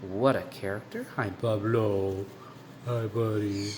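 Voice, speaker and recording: A man walking through the bird room in his house. He gives a casual vlog tour with lots of fillers and restarts, and coos at his birds in high baby talk. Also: fairly even intonation, slow pace. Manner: chatty, with many fillers and restarts. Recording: constant room noise with clicks.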